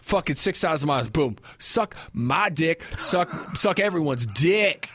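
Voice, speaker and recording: A young adult man co-hosting a casual podcast, telling a story with lots of swearing and quick imitations of the people he talks about. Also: fairly high pitch, husky, no room sound. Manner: animated storyteller, swears a lot, mimics people he quotes. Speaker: podcast co-host. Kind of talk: casual crude banter and storytelling.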